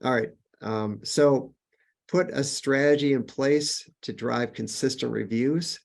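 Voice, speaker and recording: Slow and gravelly, a mid-range male voice presents a business webinar in a relaxed, conversational way. He fills his speech with fillers and restarts, raising his voice at every numbered point.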